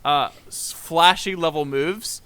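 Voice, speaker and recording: A man guest on a casual podcast chat, telling stories in an animated way and laughing often as he acts out conversations. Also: on the high side, slow pace, clean tone, dry recording.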